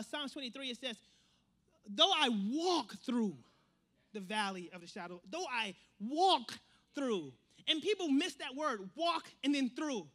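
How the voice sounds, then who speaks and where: Man, preacher, sermon, high voice, bright tone, animated and repetitive.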